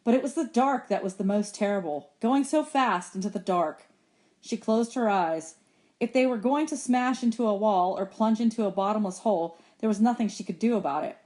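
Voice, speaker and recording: A woman teacher reading a novel chapter aloud to her students, expressive and lifting her voice for the characters' lines. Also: mid-range voice, normal speed.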